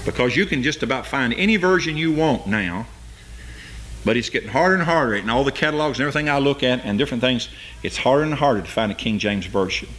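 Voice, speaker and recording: A man preaching a sermon as pastor, building to loud emphatic peaks and then dropping to quiet asides. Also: mid-range voice, animated, quick pace.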